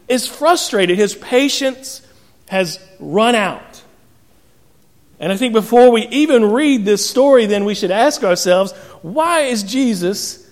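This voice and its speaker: A man delivers a sermon, telling stories with humorous asides. His voice sits high for a man and rings out with long reverb. It sounds like a large church sanctuary. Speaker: pastor.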